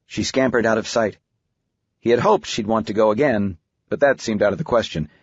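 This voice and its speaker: A man narrating a novel as an audiobook reader, in an even, measured storytelling manner. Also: fairly low pitch, breathy edge, no echo. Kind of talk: scripted narration. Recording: dull, muffled audiobook recording.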